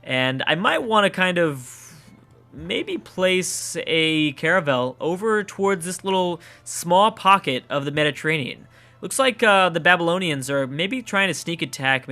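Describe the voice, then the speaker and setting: A man's voice: a little high, expressive, normal speed, pushed and bright, faint music behind. A Canadian man with a Canadian accent, casually commenting on his own strategy game play, thinking aloud and swearing at setbacks. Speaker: let's play gamer.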